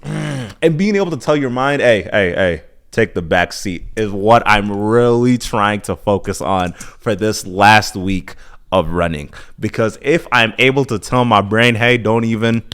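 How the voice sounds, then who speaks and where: A relaxed American man in his twenties, with a somewhat low voice, chats through a casual podcast monologue. He rambles, drifts into asides, and stops to fix his own words, with a sigh here and there. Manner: loose, chatty, self-correcting with sighs and asides. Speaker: podcast host.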